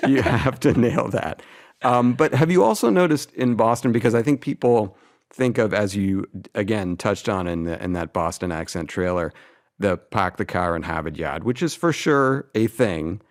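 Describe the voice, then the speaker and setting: A man's voice: on the low side, lively intonation, normal speed. A man hosting a podcast, asking rambling questions with fillers and laughter. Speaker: podcast host. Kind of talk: casual interview.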